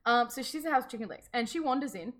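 A woman's voice: fairly high pitch, animated, fast. A woman co-hosting a podcast, retelling a folk tale in casual chat with playful, sarcastic asides. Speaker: podcast co-host.

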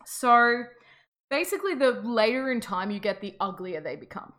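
A woman's voice: fairly high pitch, expressive, normal speed, fairly bright tone. A young Australian woman co-hosting a podcast in a rambling, casual chat with frequent laughs. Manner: chatty, rambling, laughs often. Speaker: podcast co-host.

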